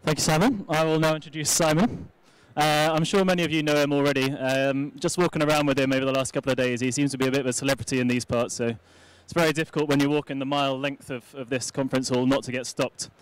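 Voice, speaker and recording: A man's voice: mid-range voice, flat delivery, fast talker, hardly any pauses, smooth, no room sound. A man presenting a live conference talk and introducing his co-hosts in a chatty, jokey way with many uhs. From United Kingdom.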